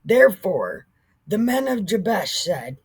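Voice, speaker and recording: A woman's voice: medium pitch, sing-song, a little slow, slightly rough. A woman retelling a Bible story in a casual, irreverent way, joking, swearing, and stumbling over words.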